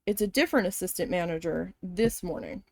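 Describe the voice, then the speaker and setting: A woman's voice: fairly low pitch, brisk, vocal fry, no echo. A woman chatting casually while she embroiders, telling a long story in a rambling, profane way with lots of fillers. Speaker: craft vlogger.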